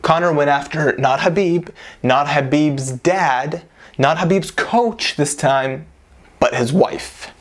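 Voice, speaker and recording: A man hosting a commentary vlog, talking in a joking, animated way with chuckling asides. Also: fairly high pitch, slow pace. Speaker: vlog host.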